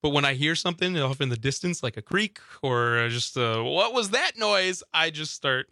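In a sharp-toned, mid-range voice at normal speed and without echo, this radio co-host spins a story in the studio. His casual chat is full of laughter, and he plays out his own thoughts as he talks.

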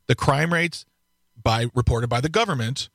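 Wry, halting male radio co-host. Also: medium pitch, gravelly, a bit bright, no echo, studio quality. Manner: wry, halting, repeats words. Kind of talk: casual political talk radio.

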